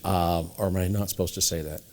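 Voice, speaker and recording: A man from New England with a fairly low voice spins long, winding anecdotes as an interview guest. He jumps into other people's voices as he tells them. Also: fairly even intonation, quick pace, darkish tone. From New England, USA. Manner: rambling anecdotal storyteller, acting out quoted voices. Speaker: guest mentalist. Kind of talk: storytelling interview.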